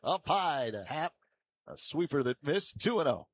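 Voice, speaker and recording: Husky man calling baseball play-by-play. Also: big pitch swings, dry recording. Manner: measured calls that lift and get louder on each pitch. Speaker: play-by-play announcer.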